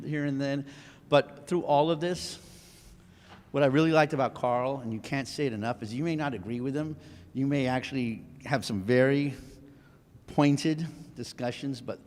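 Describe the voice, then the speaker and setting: A man speaking as a state senator, giving a heartfelt floor tribute to a colleague. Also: mid-range voice. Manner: heartfelt, gets emotional. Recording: legislative chamber with long reverb.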